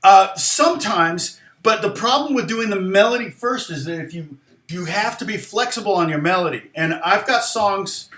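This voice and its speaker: In a casual livestream lesson on songwriting, a guitar teacher rambles haltingly, full of fillers and restarted sentences, occasionally singing a lyric line softly to make his point. His voice is slightly high and animated, and the room sounds echoey.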